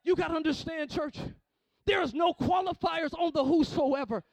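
A male pastor preaching a sermon, calling out to the congregation and swinging from hushed storytelling to shouting. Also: extremely high pitch, normal speed, no room sound.

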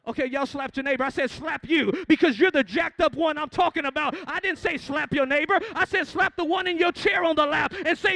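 Male pastor, very high gravelly voice, dry close sound, sermon with call-and-response. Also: brisk, few pauses, no echo. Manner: preaching with call-and-response, swinging from hushed to shouting.

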